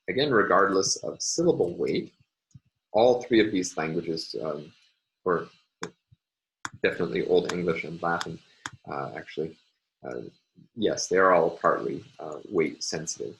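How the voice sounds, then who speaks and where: Male lecturer with a deep voice, measured and hesitant, for a recorded lesson. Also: slight background noise, low-quality recording. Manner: hesitant, many ums and uhs, explanatory. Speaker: university lecturer.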